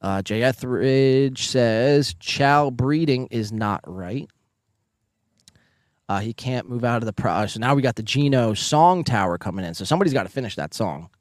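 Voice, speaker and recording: A man with a Northeastern American accent hosting a live podcast, casually reading chat messages aloud, joking and swearing, with sudden loud bursts. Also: mid-range voice, no room sound, clean studio sound. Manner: profane, joking, animated bursts. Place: home, near neighbors.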